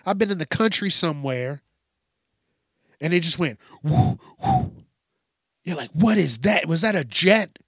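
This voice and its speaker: A man's voice: on the high side, animated, normal speed, a bit bright, breathy edge, no room sound, clean studio sound. A man hosting a casual solo podcast, talking loosely, swearing and drifting between topics with frequent restarts. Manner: frequent restarts and repeated words. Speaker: podcast host.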